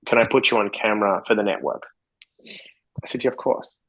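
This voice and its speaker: A man's voice: fairly low pitch, a little fast, fairly bright tone, husky, low-quality recording. Blunt guy from australia telling stories on a podcast, cusses a lot, plays all the parts himself. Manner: blunt, swears freely, acts out quoted dialogue. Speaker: podcast guest, interventionist. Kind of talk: casual interview storytelling.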